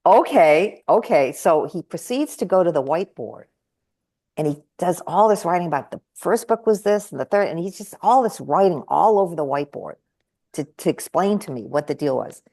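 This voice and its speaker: A woman guest telling stories in conversation, animatedly acting out the voices of the people she quotes. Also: a little fast. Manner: animated, acts out quoted voices with big jumps in pitch. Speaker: guest speaker and trainer. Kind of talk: conversational storytelling.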